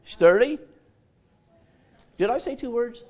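A man's voice: very high voice, expressive, slow, darkish tone. An older man preaching a sermon, drawing answers from his congregation, repeating them back and telling homey stories with a laugh. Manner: folksy storytelling with laughs. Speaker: pastor.

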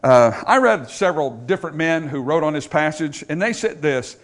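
A man preaches a sermon with a high, lively voice that climbs and falls widely. He drops low and slow to quote scripture, then rises to loud, emphatic declarations before his congregation. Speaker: pastor. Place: church in front of a congregation.

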